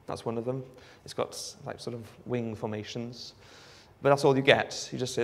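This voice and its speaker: A Welsh man giving a live demonstration of a phone app, explaining in a relaxed way with frequent ums. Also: medium pitch, normal speed, creaky. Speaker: app developer giving a presentation. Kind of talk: live product demo talk.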